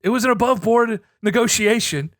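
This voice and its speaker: A man co-hosting a podcast, telling a story in an excitable, profane way that swings between low asides and loud outbursts. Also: moderate pace, dry recording, clean studio sound. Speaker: podcast co-host. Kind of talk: animated casual storytelling.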